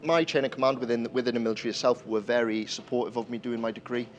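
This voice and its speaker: A man, a deputy clerk of the course, explaining his volunteer role in a measured, halting way full of fillers and restarts. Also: medium pitch, steady tone. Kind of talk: casual explanatory talk to camera.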